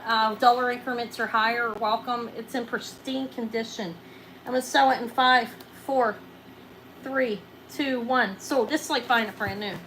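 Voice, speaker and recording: A middle-aged woman running a live jewelry auction, chatting excitably and counting down each sale. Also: high voice, slight background noise, low-quality recording. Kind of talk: live-stream sales chat.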